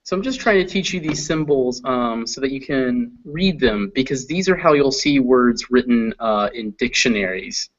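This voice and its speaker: A man's voice: mid-range voice, expressive, moderate pace, hardly any pauses. A man teaching a phonetics lesson, patiently sounding out vowels and example words. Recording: dull lo-fi recording.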